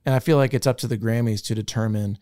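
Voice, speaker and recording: A man's voice: lowish voice, fairly even intonation, quick pace, mellow, no room sound, clean studio sound. Chatty man co-hosting a podcast. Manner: rambling, conversational, fond of "I feel like". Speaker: podcast co-host. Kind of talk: casual chat. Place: theater.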